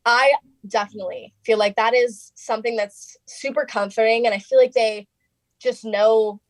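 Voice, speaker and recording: A young woman, a singer being interviewed, telling her story in a chatty casual way, full of "like" and quick quoted asides. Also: a little high, no room sound. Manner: chatty, fillers of "like" throughout, quoting others in lively bursts.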